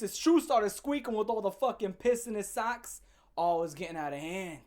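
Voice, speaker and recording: A woman's voice: medium pitch, darkish tone. Brief: female commentary host, brash profane rant, slangy and blunt. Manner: blunt, fast-shifting, heavy swearing and slang.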